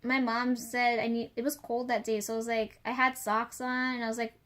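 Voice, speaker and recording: A woman's voice: a little high, little pitch movement, fairly quick, a bit bright. A young woman venting in a casual vlog, rambling with lots of fillers and frequent swearing. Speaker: vlogger. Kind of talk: casual confessional rant.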